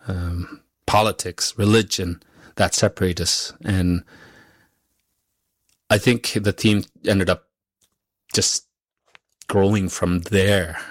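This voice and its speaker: Man, very low voice, monotone delivery, halting with lots of fillers, dry sound. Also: no echo. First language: Inuktitut. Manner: halting, many pauses and fillers. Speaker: guest musician. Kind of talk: conversational interview answer.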